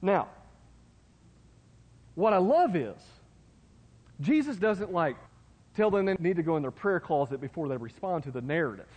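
A man's voice: fairly high pitch, sing-song, moderate pace, pauses often, a little mellow. A man preaching a sermon in a folksy, conversational way, with asides to his listeners. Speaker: pastor. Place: church sanctuary. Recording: long hall reverb.

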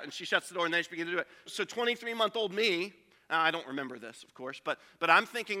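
Bright-voiced pastor preaching in a reverberant hall. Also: male voice, high-pitched, expressive, fast talker. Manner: storytelling, conversational with acted quotes. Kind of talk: sermon.

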